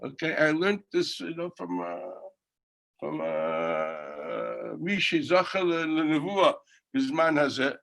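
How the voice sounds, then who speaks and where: A middle-aged man, a yeshiva rabbi, teaching an informal Talmud class. He tells a story between points, laughing and shouting out quotes, and speaks over a video call. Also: on the high side, very animated, slow, gravelly.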